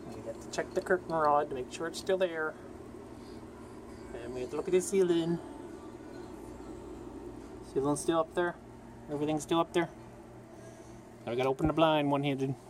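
A woman filming her pet bird at home on her phone, talking to it in baby talk that swings between low murmurs and high sing-song coos. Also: big pitch swings, a little slow, long pauses, background noise. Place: home, indoors. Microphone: phone camera held in one hand.

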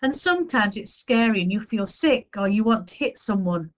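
A woman's voice: medium pitch, lively intonation, moderate pace, natural voice. A woman voicing a young boy who speaks earnestly and with feeling in a read-aloud storybook. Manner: earnest, emotional pleading. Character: young boy, passionate about oral storytelling.

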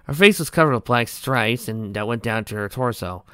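A man's voice: medium pitch, lively intonation, moderate pace, sharp tone, clear, resonant tone, no echo, studio quality. Man plainly reading a story aloud. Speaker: narrator. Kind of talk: reading fan fiction aloud.

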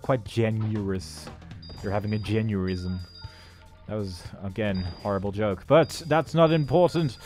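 Sarcastic man with a bouncy voice. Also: mid-range voice. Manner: sarcastic, hums and makes up silly songs. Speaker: game commentator. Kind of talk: let's play commentary. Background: faint game music.

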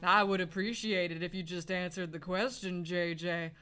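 Player putting on a smug nosy bird rival, cool and bright. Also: mid-range voice, fairly even intonation, normal speed, smooth, faint music behind, close to an everyday voice.

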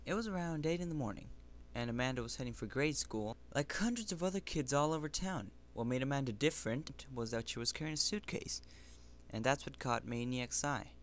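A man's voice: medium pitch, animated, a little fast, a bit bright, a little hiss or hum. A man reading a children's novel aloud in an amateur audiobook, with plain, earnest storytelling. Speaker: reader.

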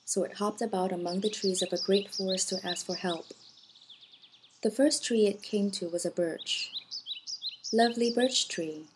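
A woman narrating a storybook fable for children in a gentle, measured reading. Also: mid-range voice, steady tone, noisy background. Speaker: audiobook narrator. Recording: music bed behind the voice.

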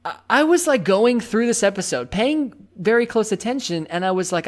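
A woman's voice: medium pitch, sing-song. A woman hosting a casual podcast, chatty and prone to laughing. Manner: chatty, slow, laughs often. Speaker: podcast host. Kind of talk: casual chat.

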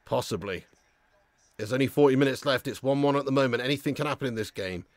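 A man hosting a live football watch-along, commentating as an excitable, swearing fan. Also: medium pitch, fast, no room sound.

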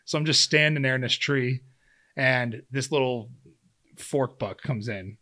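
The podcast guest, a man in his thirties who went from pro football to hunting, speaks at a measured pace in a medium-pitched voice that sounds pushed and bright. He tells a story conversationally, performing his own quotes with lots of fillers.

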